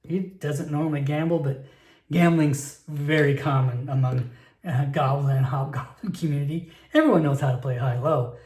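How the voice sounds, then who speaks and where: A man's voice: fairly high pitch, fairly even intonation, moderate pace, a little mellow, roomy sound. Chatty man narrating a solo tabletop game. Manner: rambling, chatty, many fillers.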